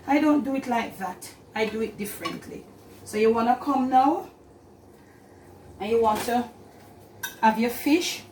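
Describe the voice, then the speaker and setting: A woman's voice: a little high, darkish tone, slight background noise, low-quality recording. Chatty Jamaican woman cooking at home. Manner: chatty, instructive, repeats "and all of that". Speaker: cooking channel host. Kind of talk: casual cooking demonstration. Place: home kitchen.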